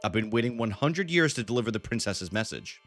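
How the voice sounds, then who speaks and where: A man's voice: on the low side, animated, quick pace, a bit bright, faint music behind. A man reading a grave, formal old female elder's game lines in his own voice. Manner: formal, read plainly off the screen.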